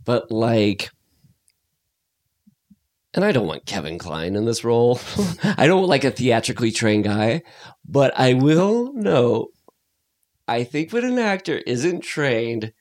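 A man's voice: mid-range voice, very animated, darkish tone. A man co-hosting a podcast, chatting casually about movies in a rambling way with lots of fillers. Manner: rambling, many fillers, slips into quick mock voices. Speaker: podcast co-host.

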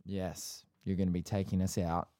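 A man's voice: low-pitched, little pitch movement, moderate pace, mellow, dry recording. A young man co-hosting a podcast, chatting casually with dry, teasing banter. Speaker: podcast co-host. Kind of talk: casual chat.

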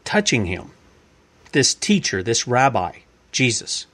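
A man's voice: medium pitch, big pitch swings, takes it slowly, a bit bright. Man preaching in a chatty, repetitive way. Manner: conversational, repetitive, asks and answers his own questions. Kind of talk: informal Bible-teaching sermon.

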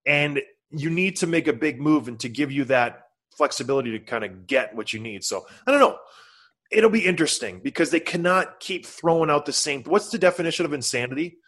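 A middle-aged man co-hosting a casual sports talk show, animated and jokey. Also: on the high side, fairly quick. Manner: animated, jokey, bursts into loud bits. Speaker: sports podcast co-host.

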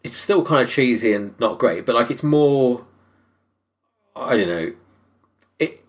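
A man co-hosting a podcast, chatty and quick to laugh. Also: mid-range voice. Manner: lively, chatty, laughs often. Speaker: podcast co-host. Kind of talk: casual film chat.

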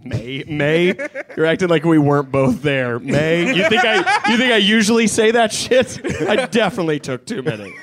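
Sheepish laughing man, lively pitch. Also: moderate pace, few pauses, a little hiss or hum. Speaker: guest comedian. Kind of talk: casual interview chat.

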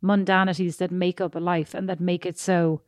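A woman's voice: fairly low pitch, little pitch movement, moderate pace, no echo. Chatty woman podcaster, dry close sound. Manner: chatty, rambling, emphatic. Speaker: podcast co-host. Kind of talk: casual chat.

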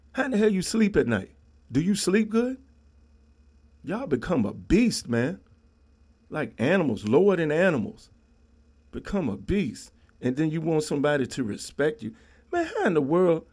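Brief: middle-aged man with a slightly high voice, blunt and preachy solo podcast rant. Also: a little mellow. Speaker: podcast host. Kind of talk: ranting solo podcast monologue.

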